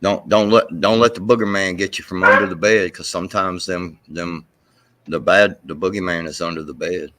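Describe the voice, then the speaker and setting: A man on a casual stream telling chat a funny story, animated and profane. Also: low-pitched, normal speed, very noisy. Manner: animated, profane yarn-spinning. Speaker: stream co-host.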